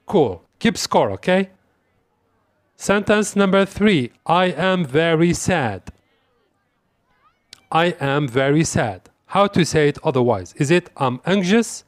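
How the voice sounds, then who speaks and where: Male English tutor running a quiz lesson: unhurried, repeats examples, fairly high-pitched. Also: no room sound. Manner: slow, deliberate, repeats example phrases. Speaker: English teacher. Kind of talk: quiz-style language lesson.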